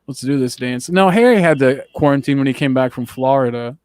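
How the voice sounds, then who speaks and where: A man's voice: mid-range voice, fairly quick, a little mellow, smooth, no room sound, studio quality. A young man hosting a casual chat, joking and teasing in a playful, self-mocking way. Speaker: podcast host.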